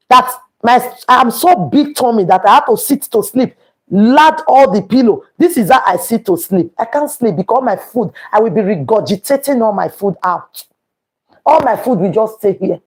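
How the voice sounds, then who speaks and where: A woman's voice: fairly high pitch, breathy edge. A woman with a Nigerian accent hosting a live stream, talking emphatically and quoting scripture as she repeats her points. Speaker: livestream host. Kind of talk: preachy live-stream talk.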